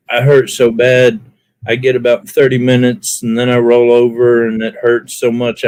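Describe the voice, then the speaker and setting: On a live panel, a man from Alabama tells stories animatedly, acting out his reactions and laughing at himself. His voice is medium-pitched with no echo, and the talk is casual chat.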